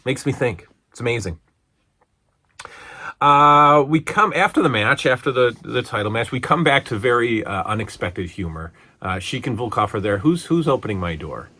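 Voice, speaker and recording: A man's voice: medium pitch, moderate pace, pushed and bright. A man hosting a casual wrestling review show, rambling along with amused asides and many restarts.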